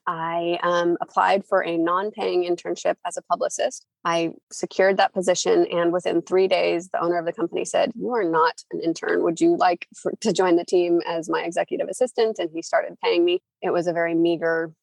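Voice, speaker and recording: Chatty woman with a gravelly low voice. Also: little pitch movement, a little fast, few pauses, dry recording. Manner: chatty, acts out quoted people. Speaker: guest, former entertainment publicist. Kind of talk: casual interview storytelling.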